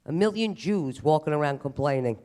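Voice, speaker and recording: A man with a fairly high, brisk voice does a self-deprecating stand-up routine on a live comedy stage at a museum event. His delivery is animated as he pokes fun at himself.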